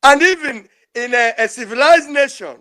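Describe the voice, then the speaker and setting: Older male caller, strikingly high-pitched, pleads emotionally and repeats himself. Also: moderate pace, pushed and bright. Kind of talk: impassioned call-in speech.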